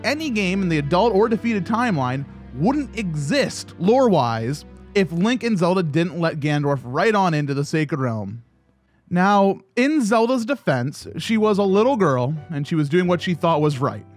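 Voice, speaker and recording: A man hosting a gaming video, giving scripted commentary with playful asides. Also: a little high. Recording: faint background music.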